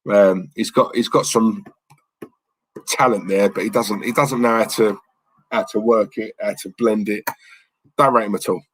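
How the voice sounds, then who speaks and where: A man's voice: fairly low pitch, steady tone, moderate pace, long pauses, a bit bright, slight background noise, rough recording. A man hosting a live stream, chatting in a blunt, rambling way and reading out viewer messages. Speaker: livestream host. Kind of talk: casual live-stream chat.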